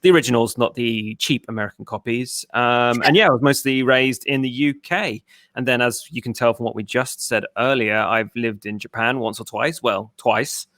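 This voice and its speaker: A man's voice: mid-range voice, normal speed, few pauses, a bit bright, no echo. A man from southern England with an English accent, chatting on a podcast in a wry, dry-humored storytelling way. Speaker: podcast guest co-host, editor. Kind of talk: casual podcast chat.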